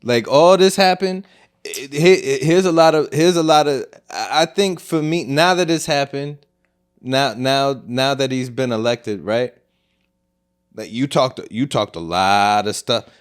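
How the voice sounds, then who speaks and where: A man's voice: mid-range voice, a little slow, smooth. A man co-hosting a casual podcast as a comedian, talking loosely with joking asides and slangy phrasing. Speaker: co-host, comedian.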